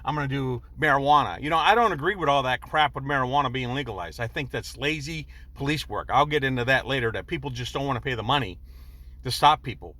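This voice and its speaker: A man's voice: mid-range voice, animated, fast, pushed and bright, dry recording. A man in his sixties telling a personal story in a rambling, earnest way and drawing a moral from it. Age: 60s. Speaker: vlogger.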